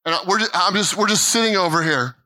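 A man's voice: high-pitched, fast talker, bright, forceful tone, rough recording. A middle-aged American man preaching a sermon in a church, telling a story animatedly, with stammered restarts, repeated phrases and quoted dialogue. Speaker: pastor. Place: church sanctuary.

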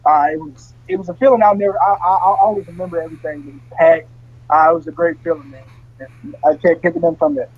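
A young man and former college football player, telling stories as an interview guest in a relaxed way, often laughing and repeating words. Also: on the high side, fast, breathy edge, phone-quality sound. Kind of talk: casual interview.

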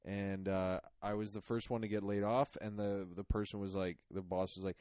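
A young man with a lowish, mellow voice tells rambling, self-mocking stories full of fillers. It is casual comedic podcast chat, recorded close and dry. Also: level tone, normal speed, dry recording. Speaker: podcast co-host.

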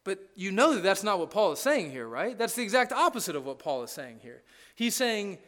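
A man's voice: high voice, sing-song, a little fast, fairly bright tone. A man preaching a sermon as pastor, in a conversational, emphatic manner that often checks in with the congregation and stacks parallel phrases.

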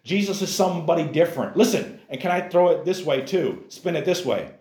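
Man preaching a Bible lesson, emphatic, a little high-pitched, roomy echo. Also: expressive, fairly quick, darkish tone. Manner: emphatic, keeps addressing the listeners as guys. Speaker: Bible class teacher.

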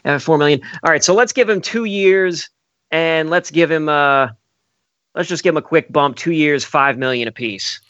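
A man's voice: a little high, moderate pace, fairly bright tone, no echo, highs cut off. A man on a podcast, thinking aloud in casual chat, with lots of fillers.

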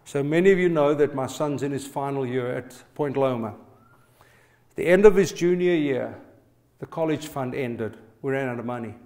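A middle-aged preacher speaks at medium pitch and a moderate pace, his tone a little mellow. He draws on personal stories and regularly turns to ask the congregation to respond.

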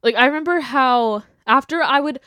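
A woman's voice: sits high, moderate pace, dry recording. Blunt young woman, dry close sound. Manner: blunt, animated, mocking quotes. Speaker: podcast host. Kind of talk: casual opinion chat.

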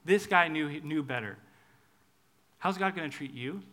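A man delivers a sermon in a casual, conversational way, with a bright, fairly high voice. He drops to quiet, intimate lines and then climbs to loud, emphatic ones. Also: measured pace. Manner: lively, conversational, swings from hushed to loud. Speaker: preacher.

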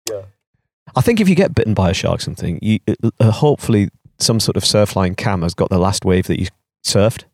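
Male co-host, low voice, wry casual delivery. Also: lively intonation, fairly quick, darkish tone, no room sound, clean studio sound. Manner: wry, joking. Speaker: podcast co-host. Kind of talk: casual chat.

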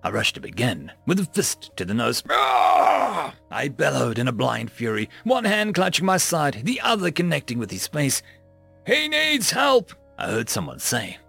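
Gravelly, husky-voiced male story reader. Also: medium pitch, big pitch swings, moderate pace, few pauses, fairly bright tone, faint music behind. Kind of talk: first-person story narration.

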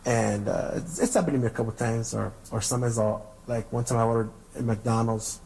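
A man's voice: medium pitch, steady tone, fairly quick, vocal fry, darkish tone, a little hiss or hum, poor audio. A man from Southern California hosting a podcast, telling stories casually and profanely, with frequent restarts. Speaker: podcast host. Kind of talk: casual storytelling.

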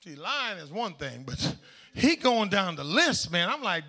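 A man preaching a sermon in a church, with emphatic call-and-response delivery that swings from shouted lines to quiet asides. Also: sits high, very animated, moderate pace.

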